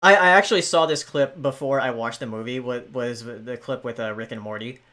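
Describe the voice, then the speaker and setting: A man hosting a podcast in casual chat, hesitant, with many pauses and restarts. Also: mid-range voice, sharp tone. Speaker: podcast host.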